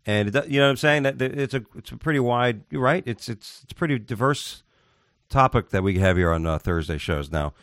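A man's voice: mid-range voice, animated, brisk, fairly bright tone, no room sound, studio quality. A man co-hosting a podcast in casual chat, rambling and joking. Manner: rambling, jokey, puts on silly voices. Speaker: podcast co-host.

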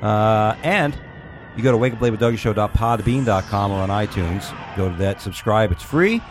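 A man's voice: on the low side, animated, moderate pace, over music. A man hosting a casual comedy podcast, joking and rambling as he reads out a news story. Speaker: podcast host.

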